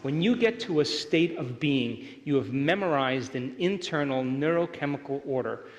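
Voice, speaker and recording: A man's voice: a little high, lively intonation, normal speed, lo-fi sound. Emphatic man lecturing in a reverberant hall. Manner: emphatic, asks audience for agreement. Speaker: workshop speaker. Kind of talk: lecture to a live audience. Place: large hall with audience. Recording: hall reverb, live venue.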